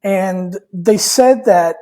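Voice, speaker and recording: A man with a high, slightly mellow voice draws out his words as a podcast guest. He tells a personal story in a candid, rambling way, full of fillers and repeated words, like casual storytelling in an interview.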